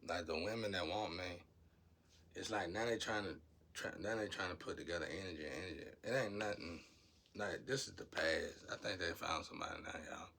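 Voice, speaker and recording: Deep gravelly man rambling about spirits. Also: brisk, pushed and bright. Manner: rambling, preachy, drawling. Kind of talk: casual spiritual monologue to viewers.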